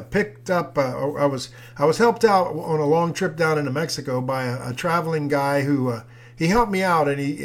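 Male preacher on an audio teaching; slightly high voice, easygoing and explanatory, full of fillers. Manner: conversational, with fillers and restarts; explains with homely examples. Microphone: audio recording.

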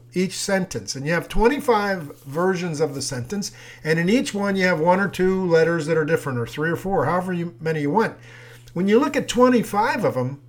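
Man, Bible teaching, somewhat high voice, conversational, fillers and restarts, homely examples. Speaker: preacher. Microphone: audio recording.

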